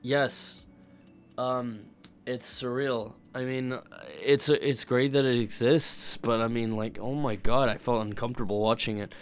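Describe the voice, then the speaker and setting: A man's voice: medium pitch, steady tone, a little slow, smooth. A young man streaming and chatting casually, rambling and swearing, often breaking off and restarting his sentences. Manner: rambling, profane, self-interrupting. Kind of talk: casual chat.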